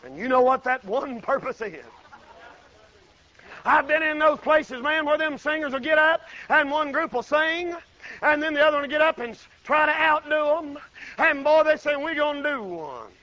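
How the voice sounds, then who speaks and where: A middle-aged man preaching a sermon in a folksy way, breaking into shouts and acting out the people in his stories. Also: very high voice, animated, moderate pace, poor audio. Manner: folksy, shouting bursts, dramatic quoted voices.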